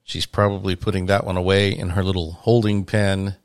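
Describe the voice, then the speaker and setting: A man's voice: low voice, little pitch movement, a little fast, smooth. A middle-aged man co-hosting a casual podcast, rambling and joking his way through a play-by-play. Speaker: podcast co-host. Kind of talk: casual chat.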